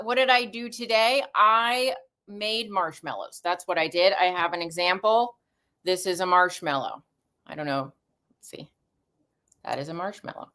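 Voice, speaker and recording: A woman's voice: mid-range voice, bright, forceful tone. A middle-aged woman hosting a live stream, chatting casually in a rambling, stream-of-consciousness way into a camera mic.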